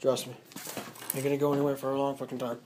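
A vlogger rambling casually at home and in the backyard, swearing constantly, with drawn-out fillers, filmed on a handheld camera. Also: mid-range voice, flat delivery, heavy background noise. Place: home and backyard, walking around.

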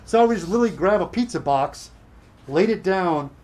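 A middle-aged man telling work stories in a casual chat, animated and acting out other people's lines. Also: high voice. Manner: animated, acts out dialogue in quick bursts. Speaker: guest.

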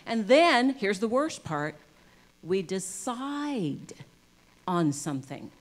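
Expressive woman giving an inspirational talk. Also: fairly high pitch, slow. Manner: expressive, swings from soft and intimate to loud and emphatic; acts out voices of people in her stories. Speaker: guest speaker at a church service. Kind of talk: inspirational talk on spirituality and love. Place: in front of a live congregation.

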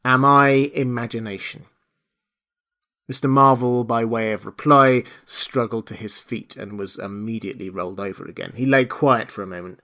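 A man narrating a classic novel as an audiobook, reading in a measured, hushed way. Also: fairly low pitch, creaky. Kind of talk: scripted narration.

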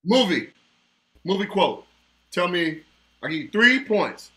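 Bright, lively man hosting trivia. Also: high voice, slow. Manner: laughs often, teasing and playful. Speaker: trivia host. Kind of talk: casual online game hosting. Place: home, video call. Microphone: video call mic.

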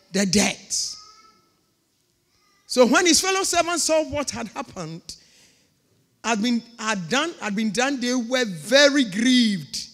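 Woman preaching in an echoing church. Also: on the high side. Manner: emphatic preaching with repeated phrases. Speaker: pastor. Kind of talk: sermon. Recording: long reverb of a church hall.

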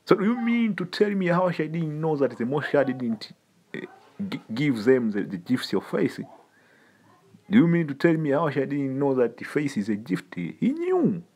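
A man's voice: on the high side, sing-song, normal speed, darkish tone. A man preaching an informal sermon in an emphatic, repetitive, streetwise way, often calling listeners "man".

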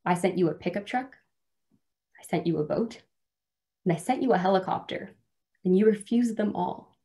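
A woman voicing God in a sermon story, answering calmly and matter-of-factly. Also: medium pitch, moderate pace, lightly acted. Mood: patient. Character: patient all-powerful God answering a man.

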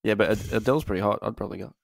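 A man's voice: lowish voice, fairly even intonation, vocal fry, dry recording, studio quality. A man co-hosting a podcast, rambling and swearing heavily as he jokes. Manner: fast rambling banter, heavy swearing. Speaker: podcast co-host. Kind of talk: casual chat.

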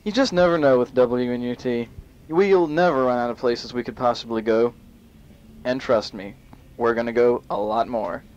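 A man hosting an amateur home-made show, reading a list aloud in a mock-serious way and punching the quoted bits loudly. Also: medium pitch, normal speed, soft background music. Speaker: host. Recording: muffled home tape with faint hiss.

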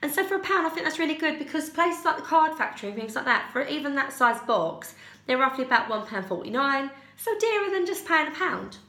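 A woman's voice: high voice, very animated, brisk, pushed and bright. A young woman chatting casually through a shopping haul at home, rambling and correcting herself with little giggles. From United Kingdom. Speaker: haul vlogger. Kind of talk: casual chat. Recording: echoey room.

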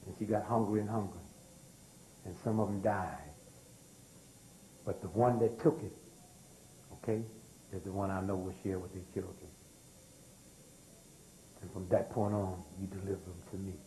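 A man's voice: sits low, little pitch movement, normal speed, long pauses, warm tone, a little hiss or hum, rough recording. An older man, lecturing a live audience, throwing rhetorical questions and asking for responses. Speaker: speaker.

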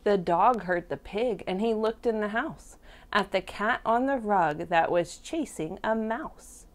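A woman teacher reading a picture book to toddlers, slow and expressive, stopping to ask the children questions. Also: mid-range voice. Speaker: preschool teacher. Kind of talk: storybook read-aloud for toddlers.

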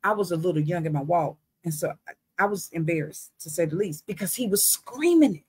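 A woman in a candid, conversational telling of a personal faith testimony, with a lively storytelling manner. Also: fairly low pitch, a little fast, husky, no room sound. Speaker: Christian beauty vlogger.

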